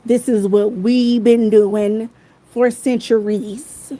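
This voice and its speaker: A woman rants angrily into her phone on a livestream, swearing freely and circling back to the same phrases again and again. Her voice is warm and mellow, with a soft, dark tone even as she gets heated. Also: fairly high pitch, slow pace, slight background noise, rough recording. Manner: heated, profane, repeats phrases. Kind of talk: angry livestream rant.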